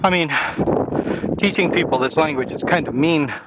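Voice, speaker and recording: A man's voice: a little high, moderate pace. An American man in a casual, rambling monologue, musing wryly and correcting himself as he goes. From United States. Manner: musing, wry, self-correcting. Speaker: vlogger. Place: outdoors near running water. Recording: noisy outdoor recording.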